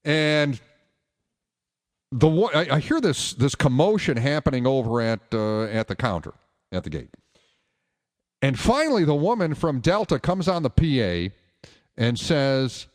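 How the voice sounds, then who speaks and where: His voice sits on the high side with a sing-song lilt, and he speaks at a measured pace with frequent pauses while a long reverb tail follows. As a male talk radio host, he offers emphatic, opinionated commentary, poses rhetorical questions, and takes calls.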